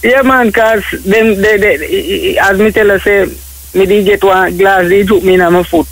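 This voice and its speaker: High-voiced rambling Jamaican caller. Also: male voice, normal speed, creaky, fairly bright tone, rough recording. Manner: rambling, stammering patois. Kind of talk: call-in radio talk.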